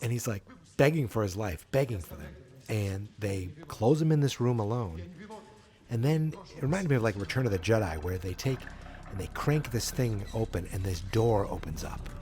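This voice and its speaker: A man hosting a podcast, recapping an episode in a casual, animated storytelling way. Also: lowish voice, normal speed. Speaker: podcast host.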